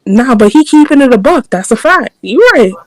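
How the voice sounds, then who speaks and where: A woman's voice: a little high, animated, normal speed, no echo, rough recording. A young woman from New York City with a New York accent, blunt and profane in casual chat.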